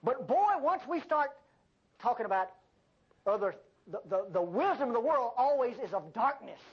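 An older woman preaching a sermon, with an animated delivery and folksy asides. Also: a little high, moderate pace, slightly rough. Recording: dull lo-fi sermon recording.

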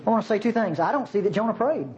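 Animated folksy male preacher, lo-fi recording. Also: high voice, racing, a little hiss or hum. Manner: folksy, chuckling Bible teaching. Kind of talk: sermon. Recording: dull lo-fi sermon recording.

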